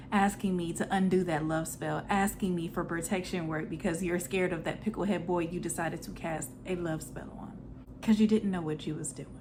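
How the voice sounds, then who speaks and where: A woman's voice: on the low side, a little mellow, slight background noise. Frank, scolding woman host. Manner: frank, lecturing, a bit scolding. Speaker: channel host and spell practitioner. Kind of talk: direct-to-camera commentary.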